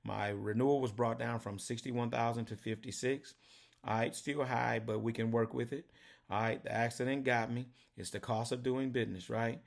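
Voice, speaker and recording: A man's voice: mid-range voice, steady tone, normal speed, creaky. A man talks through his trucking business costs in a casual vlog. His manner is folksy and direct, and he keeps checking in with his viewers. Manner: folksy, repeats "right?" and "did you get that?".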